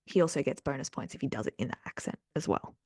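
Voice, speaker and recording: A woman's voice: a bass voice, animated, fast talker, darkish tone, breathy edge, dry recording, studio quality. A woman co-hosting a casual chat podcast, playful and laughing often, with whispered asides to listeners. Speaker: podcast co-host.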